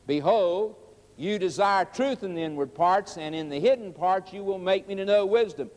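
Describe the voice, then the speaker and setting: Preacher man, high voice, leans on words, lots of hall reverb. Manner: emphatic and repetitive, stretching key words slowly. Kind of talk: sermon. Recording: long reverb of a large hall.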